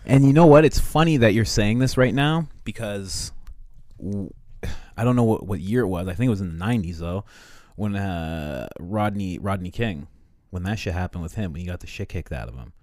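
A man co-hosting a casual podcast chat, animated and profane, often acting out loud quoted voices. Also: lowish voice, moderate pace, no echo, studio quality. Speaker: co-host.

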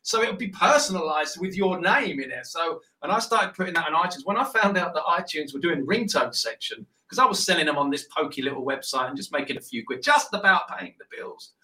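A man chatting as an interview guest, rambling with halting restarts. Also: on the high side, animated, pushed and bright, distant mic, poor audio. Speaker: guest, ringtone maker. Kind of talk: casual interview chat.

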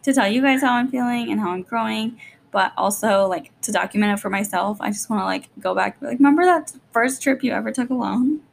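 A young woman and mother chatting casually to her vlog, rambling quickly with lots of "like", jittery and short on sleep. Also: a little high, creaky, slight background noise. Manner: rapid rambling, lots of "like", nervous. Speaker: vlogger, young mom.

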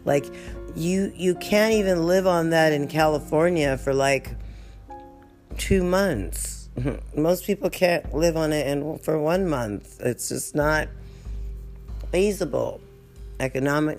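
A woman's voice: low voice, darkish tone. Woman, vlogger, casual venting, heavy swearing, rambling, frequent laughter, faint background music. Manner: profane, rambling, laughs often. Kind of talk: casual storytelling vent.

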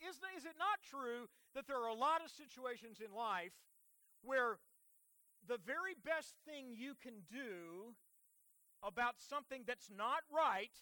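A man preaching a sermon as pastor, leading the congregation in a responsive reading and closing in prayer, swinging between loud emphasis and soft hushed passages. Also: very high-pitched, no echo.

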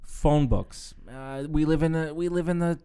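A man's voice: on the high side, steady tone, moderate pace, warm tone, smooth. A man co-hosting a podcast, casually speculating and swearing. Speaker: podcast co-host. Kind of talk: casual chat.

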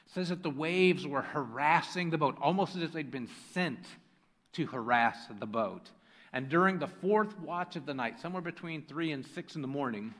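Male pastor, fairly high voice; scripture reading into a direct, engaging sermon. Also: fairly bright tone. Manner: reads scripture aloud, then preaches directly to the congregation. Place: church sanctuary with a congregation.

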